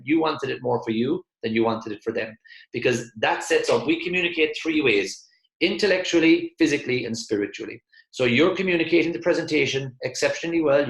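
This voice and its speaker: A man gives an emphatic motivational talk to a sales team, hammering his points home through repetition. His voice has a gravelly, fry-tinged edge. The room around him is echoey. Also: medium pitch. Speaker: motivational speaker.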